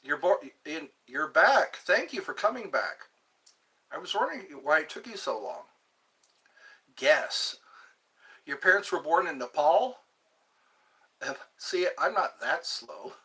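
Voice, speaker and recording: Playful, lively male livestream host. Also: a little high, unhurried, pauses often. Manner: playful, chatty, reads viewer comments aloud. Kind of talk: casual live chat.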